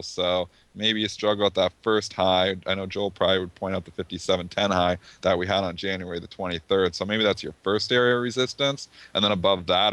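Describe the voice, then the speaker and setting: A low-pitched man with a bright, forceful tone walks through stock charts with easy confidence. His voice is close and dry, with no room sound. He keeps it casual and chatty as a market show co-host. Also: dry recording.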